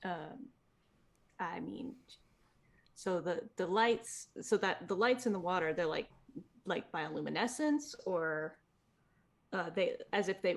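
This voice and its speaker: A woman's voice: fairly low pitch, animated, takes it slowly, gravelly, long pauses. A woman playing a tabletop game who describes her character's actions hesitantly and thinks aloud. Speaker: player. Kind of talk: casual tabletop play.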